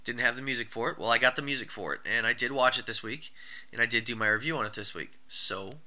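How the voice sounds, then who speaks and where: A man's voice: mid-range voice, fast. Man rambling through a casual recap. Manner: rambling, with fillers and restarts. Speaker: wrestling show reviewer. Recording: dull lo-fi recording.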